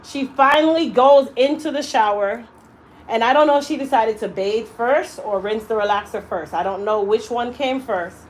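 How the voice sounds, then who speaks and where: A woman's voice: fairly high pitch, moderate pace, a little hiss or hum, rough recording. A young adult woman, a hairstylist, telling an emotional personal story and acting out the voices she quotes. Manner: animated, acts out quoted voices. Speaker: hairstylist and salon owner.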